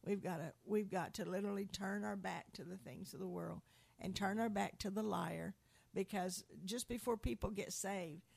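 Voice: mid-range voice, fairly even intonation, moderate pace, vocal fry, a little mellow, slightly rough, no room sound. An earnest preacher in an informal sermon, quoting scripture and often repeating and restarting words.

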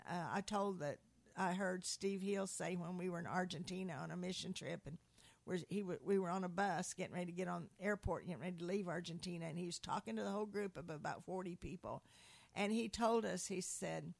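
Informal preacher, gravelly voice, earnest, repeats words, dry close sound. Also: medium pitch, no echo. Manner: earnest, repeats and restarts words, quotes scripture.

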